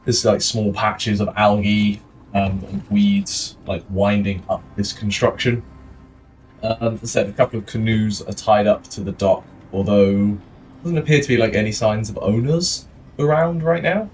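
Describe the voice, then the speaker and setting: A man's voice: fairly low pitch, fairly even intonation, moderate pace. A man with a Welsh accent, narrating a tabletop game as dungeon master in a loose style full of fillers. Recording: distant mic with faint noise.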